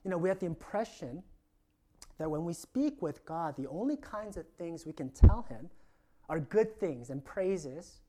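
A male pastor preaches earnestly and reflectively in a high-pitched, mellow and warm voice. He rises for emphasis, then sinks into a soft, near-whispered hush as each phrase ends.

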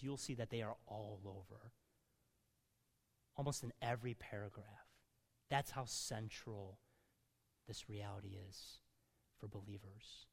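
A man preaching a sermon, emphatic, swinging from loud stresses to quiet asides. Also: medium pitch, long reverb tail.

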